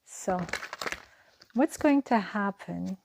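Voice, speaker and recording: A woman's voice: medium pitch, expressive, slow, vocal fry, background noise. A woman giving an earnest, reassuring tarot reading to camera, musing and repeating her phrases as she goes. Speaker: tarot card reader.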